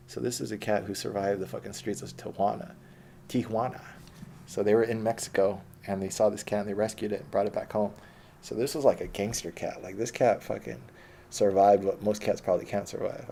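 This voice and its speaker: A man's voice: on the low side, gravelly, mellow, slight background noise. A man telling his life story in a rambling, profane, casual monologue.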